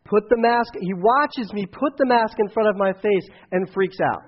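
A man in his thirties, a youth pastor, preaching to teenagers in a casual, rambling way, restarting sentences and telling a story with shouted bursts. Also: high-pitched, moderate pace, husky. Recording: dull lo-fi recording.

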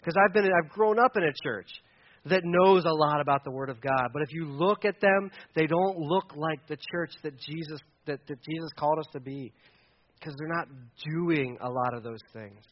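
Pastor, man in his thirties, high voice, passionate and conversational sermon, dull lo-fi sound. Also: moderate pace, slight background noise.

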